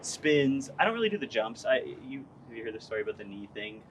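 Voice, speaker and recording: A man's voice: mid-range voice, big pitch swings, fast, background noise. A young man who sings in a band, talking casually in an interview in a laid-back, rambling way and laughing often. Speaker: band singer.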